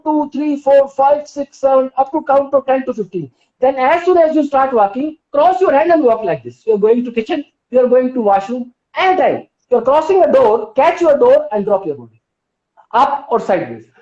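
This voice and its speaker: A woman's voice: sits high, mellow. A woman with an Indian English accent teaching yoga on a live stream, persuasive and full of questions to her audience. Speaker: yoga instructor. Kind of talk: live-streamed wellness talk. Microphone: phone or laptop mic on a live stream. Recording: roomy, dull lo-fi live stream audio.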